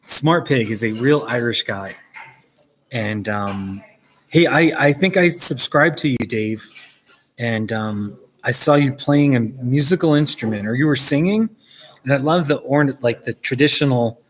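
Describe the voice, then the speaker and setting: A man's voice: mid-range voice, slight background noise, rough recording. A man chatting casually and rambling on a live stream from a coffee shop, chuckling often as he talks. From United States.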